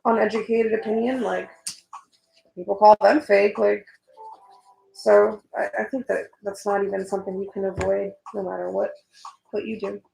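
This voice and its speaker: A woman's voice: medium pitch, flat delivery, moderate pace, gravelly, pauses often, dark tone, roomy sound, faint music behind, rough recording. A young woman chatting casually while she works on a drawing, rambling and swearing, getting worked up at times. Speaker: artist vlogger.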